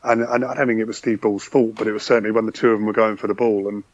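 A man's voice: on the low side, flat delivery, very fast, no room sound. Man chatting football on a dull line. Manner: enthusiastic, rambling with restarts. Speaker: podcast guest. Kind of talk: casual football chat.

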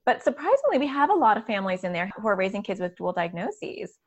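A woman in her thirties, a podcast host and community organizer, speaks fast in a husky, medium-pitched voice that is very animated. She hosts a casual, chatty, upbeat podcast conversation with plenty of fillers and laughter.

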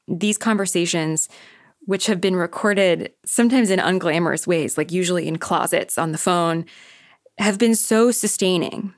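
A woman's voice: on the low side, no echo, studio quality. A woman hosting a podcast, giving a reflective, grateful introduction to an episode. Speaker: podcast host.

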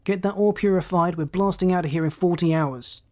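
Driven male space captain barking orders in a raised, strained voice, as a reader puts him on. He pushes his men hard and grows frantic as danger closes in, calls rising high. A storybook hero under pressure. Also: brisk, close to an everyday voice. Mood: commanding. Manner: barked urgent orders.

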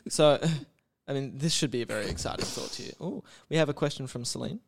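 A man's voice: medium pitch, fast, gravelly, a little hiss or hum. A man co-hosting a podcast in casual, joking chat, swearing freely, laughing often and slipping into silly put-on voices. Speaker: podcast co-host.

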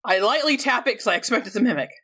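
A woman playing in a tabletop game, eager and curious, chatting casually and giggling, with loud background noise. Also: a little high, animated, rapid-fire. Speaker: player.

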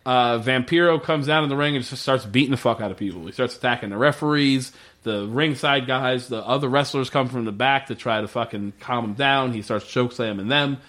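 A man's voice: medium pitch, brisk, fairly bright tone. A man hosting a podcast, recapping in casual chat with frequent swearing and wry, enthusiastic remarks. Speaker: podcast host.

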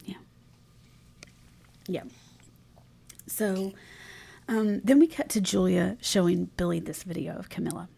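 A woman co-hosting a podcast, casually recounting a TV episode scene by scene and quoting the characters' lines softly. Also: lowish voice, unhurried, gravelly, long pauses, husky. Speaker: podcast co-host. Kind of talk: casual recap chat.

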